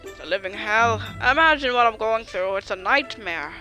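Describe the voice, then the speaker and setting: Woman reading a game's middle-aged widowed farmer, bitter and self-pitying, bright tone. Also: a little high, lively intonation, moderate pace, soft background music. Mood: miserable.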